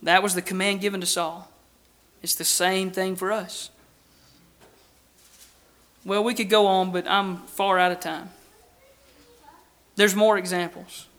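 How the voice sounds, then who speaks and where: A man preaching a sermon in a church, earnest and emphatic, asking rhetorical questions and dropping from loud to hushed. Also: high-pitched, flat delivery, unhurried, long pauses. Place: church building with a baptistry.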